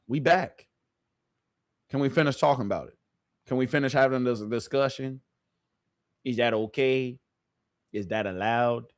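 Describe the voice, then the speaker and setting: A man's voice: mid-range voice, no room sound, studio quality. A man streaming live sports reactions, emphatic and repeating his points for emphasis. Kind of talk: casual livestream sports reaction.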